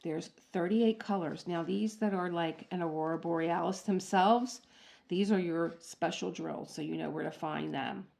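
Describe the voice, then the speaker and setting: A woman's voice: on the low side, normal speed, creaky, darkish tone. A middle-aged woman hosting a craft channel, chatting casually through an unboxing and laughing at herself as she talks to the viewer. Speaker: diamond painting channel host.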